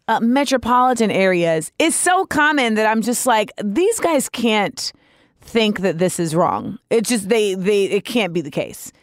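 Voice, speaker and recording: A woman's voice: on the high side, no room sound, clean studio sound. A woman hosting a podcast, talking alone in a candid, opinionated way, with frank swearing and joking asides. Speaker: podcast host. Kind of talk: casual solo monologue.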